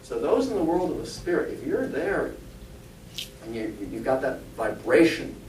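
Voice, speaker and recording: A man's voice: sing-song, moderate pace, darkish tone. A man, a spiritualist pastor and medium, giving a conversational sermon, joking and asking the congregation rhetorical questions. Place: church hall. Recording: echoey church, mic far off, faint rumble.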